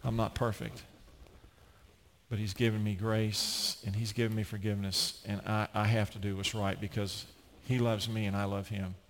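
A man's voice: fairly low pitch, moderate pace, a little hiss or hum. A middle-aged American man preaching a sermon, telling stories and acting out the people he quotes. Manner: storytelling preacher, animated, acts out quotes. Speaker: pastor.

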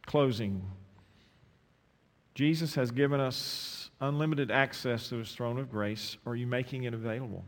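Man, sermon, emphatic, mid pitch, long church reverb. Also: normal speed. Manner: emphatic, swings from loud questions to low intimate asides. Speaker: preacher.

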